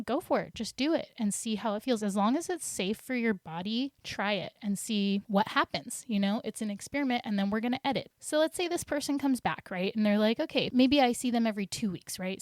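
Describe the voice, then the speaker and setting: A woman's voice: a little high, no room sound, studio quality. A woman health coach in a solo podcast, talking in an upbeat, encouraging way and acting out her clients' voices.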